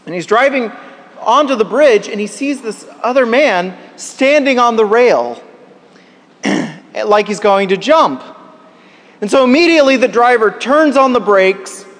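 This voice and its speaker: A male pastor with a high voice gives a sermon in a church, his words trailing into a long reverberant tail. He delivers a joke and then teaches in a measured, deliberate way. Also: lively intonation, fairly bright tone.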